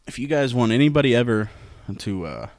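A man's voice: mid-range voice, animated, fairly quick, a little mellow, no room sound, clean studio sound. A young man hosting a casual sports podcast, telling stories loosely with lots of swearing and laughter. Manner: loose, profane, storytelling, laughs often. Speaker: podcast host.

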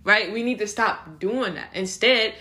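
A young adult woman hosting a casual faith-based podcast, talking in an animated way, often laughing between phrases and slipping into acted voices. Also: medium pitch, measured pace. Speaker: podcast host.

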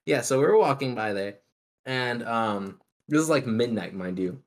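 A man's voice: mid-range voice, expressive, moderate pace. A young man telling a rambling, profane anecdote to friends over an online call. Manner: rambling anecdote teller, swears, does loud yelling voices. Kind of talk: casual chat with friends.

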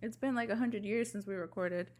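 A young woman co-hosting a podcast, chatting casually and telling stories with excitement and frequent swearing. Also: mid-range voice, brisk. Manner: excited, swears freely, storytelling. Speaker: podcast co-host. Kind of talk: casual chat.

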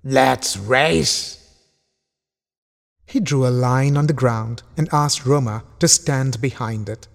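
A man reading a children's story aloud in slow, animated storytelling narration. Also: mid-range voice. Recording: long hall reverb.

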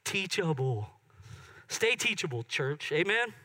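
A middle-aged man preaching a sermon in church, swinging from excited loud peaks to soft hushed moments. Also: fairly high pitch, moderate pace. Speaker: pastor. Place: church sanctuary.

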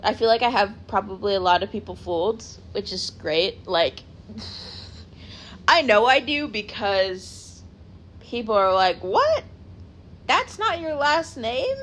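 A young woman talks on her own podcast in a loose, rambling way, full of "like" and quick self-corrections. Her voice sits at an ordinary middle pitch for a woman. A faint background hum sits under her. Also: fairly bright tone. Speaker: podcast host. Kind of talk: casual solo chat.

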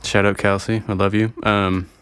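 Low-voiced man rambling profanely. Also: level tone, moderate pace, fairly bright tone, smooth, no echo. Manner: rambling, profane, easily sidetracked. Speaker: vlogger. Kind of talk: casual solo chat to viewers.

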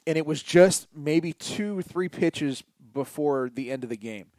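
A middle-aged man co-hosting a podcast, chatting casually about sports and telling stories with drawn-out, emphatic words. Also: fairly high pitch, no room sound, studio quality. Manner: animated storyteller, stretches key words. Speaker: podcast co-host.

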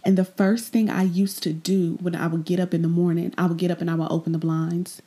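Podcast host, woman with a warm, lowish voice; confessional, unhurried, drifts to near-whispers. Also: flat delivery. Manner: candid, reflective, drifting into soft breathy asides; repeats phrases, trails off into pauses. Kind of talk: personal faith podcast monologue.

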